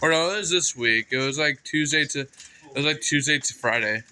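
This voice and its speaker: A young man vlogging from indoors at home, rambling and excitable, his voice congested. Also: a little high, a little fast. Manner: rambling, excitable, self-correcting. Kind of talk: casual narration while filming a storm.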